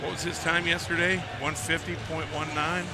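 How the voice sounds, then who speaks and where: A man doing live color commentary at a swim meet, excitable and joking, often raising his voice. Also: fairly high pitch, normal speed, music in the background. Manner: excitable, joking, raises voice over the crowd. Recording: loud crowd and pool noise.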